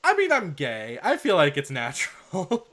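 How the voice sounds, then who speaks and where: Playful young man, lively pitch. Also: moderate pace. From Southeast Alaska. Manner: playful, mock-insulting, laughs often. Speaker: podcast co-host. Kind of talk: casual chat.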